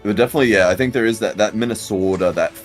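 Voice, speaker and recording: A man's voice: on the low side, very fast, soft background music. A man chatting and teasing friends on a gaming stream. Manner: teasing, animated. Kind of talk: casual gaming stream chat.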